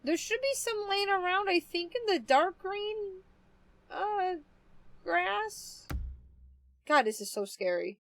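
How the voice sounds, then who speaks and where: A woman's voice: very high voice, big pitch swings, slow pace, long pauses, fairly bright tone. A woman streamer chatting casually with her viewers while playing, chatty and easily amused. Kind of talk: casual game livestream chat.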